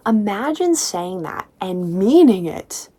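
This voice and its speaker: A woman's voice: medium pitch, very animated, slow pace, over loud music. A young woman casually recapping a novel as a book reviewer, with sarcastic, laughing asides.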